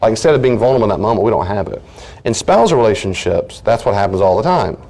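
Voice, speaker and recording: A man, a counselor, teaching a marriage class in a lively, conversational way, breaking into quick acted-out bits of dialogue. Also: fairly low pitch. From United States. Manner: animated, acts out little dialogues in changed voices.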